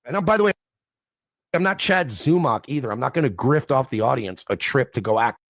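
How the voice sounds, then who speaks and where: A man's voice: medium pitch, lively intonation, brisk, a bit bright, no echo. Bitter ranting man, dry sound. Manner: bitter, profane, self-important. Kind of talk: ranting stream monologue.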